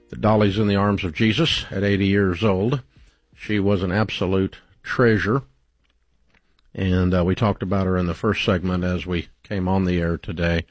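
A man's voice: low voice, no room sound. Folksy man hosting call-in radio.

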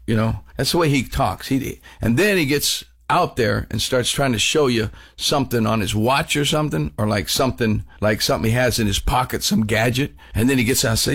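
A man's voice: lowish voice, a little fast, few pauses, a bit bright, slightly rough. Rambling male rock radio host. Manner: rambling, storytelling, playful. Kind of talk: casual radio chat.

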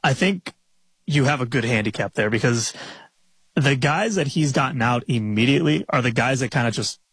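A man with a husky, mid-range voice talks through fight odds and model predictions in quick, animated bursts. His voice sits close and dry on the mic. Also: medium pitch, dry recording, low-quality recording. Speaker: betting analyst. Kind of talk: casual podcast chat.

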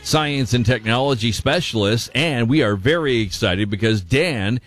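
A man's voice: mid-range voice, normal speed, fairly bright tone, faint music behind. A man hosting a morning radio show, upbeat as he introduces a guest. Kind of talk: casual radio chat.

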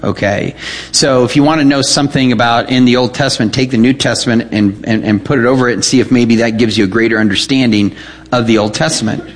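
A man's voice: medium pitch, steady tone, quick pace. A man preaching a sermon, reading scripture aloud and checking in with his listeners as he explains it. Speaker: pastor.

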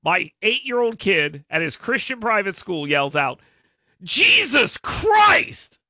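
A man in his thirties hosts a loose, chatty talk show in a rambling, self-mocking way. His slightly high voice has a gritty, fried edge and a very bright, sharp tone. The sound is close and dry. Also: expressive, moderate pace, dry recording. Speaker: radio show host. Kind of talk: casual chat with co-hosts.

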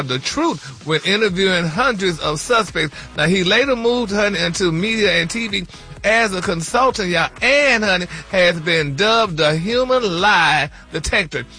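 A man's voice: high voice, bright, forceful tone. A man hosting a playful gossip segment, calling everyone honey and baby. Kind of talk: playful radio show banter.

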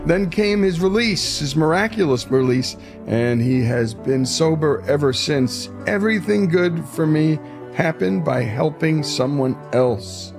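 A man's voice: on the high side, animated, unhurried, creaky. A male radio show host giving an earnest, admiring scripted wrap-up. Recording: spoken over loud music bed.

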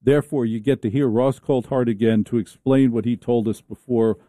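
Sarcastic talk radio host, dark voice. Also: male voice, medium pitch, fairly even intonation, normal speed, dry recording, studio quality. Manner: sarcastic, riffing, theatrical. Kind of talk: comic monologue.

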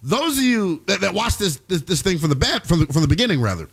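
A man hosts a basketball commentary show in a high, lively voice. He talks emphatically, breaking into loud bursts and then rattling off quick asides. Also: gravelly, breathy edge. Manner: emphatic, swings between loud outbursts and fast asides. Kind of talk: animated sports commentary.

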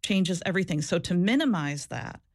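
A woman's voice: lowish voice, animated, a little fast, no room sound, studio quality. Earnest woman recounting her past. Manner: earnest, reflective, many restarts and repetitions. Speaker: former social worker, guest. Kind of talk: candid interview talk.

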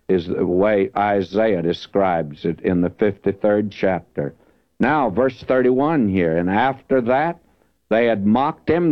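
Low-voiced earnest preacher, dull lo-fi recording. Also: male voice, no room sound. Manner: earnest, emphatic, lifts his voice when reading scripture. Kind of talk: verse-by-verse Bible teaching sermon.

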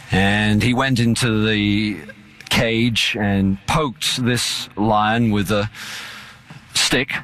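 A man preaching a sermon in an earnest, measured way. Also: on the low side, a bit bright.

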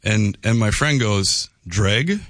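A man's voice: fairly low pitch, moderate pace, a bit bright, no room sound. A man from North Dakota with a North Dakota accent, a guest on a radio show, teasing the host in casual banter. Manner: teasing, playful. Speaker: studio guest.

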